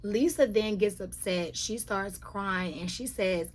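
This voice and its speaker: A woman's voice: medium pitch, slow pace, hardly any pauses. A woman giving a sassy, slangy, emphatic recap of a reality TV episode. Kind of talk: casual recap commentary.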